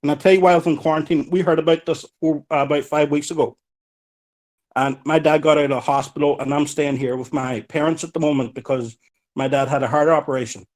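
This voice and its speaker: A man's voice: a little high, fairly even intonation, brisk, darkish tone. A man with a Donegal Irish accent, calling in to a boxing podcast, easygoing and chatty, always saying "you know". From Ireland. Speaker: caller. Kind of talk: casual podcast call.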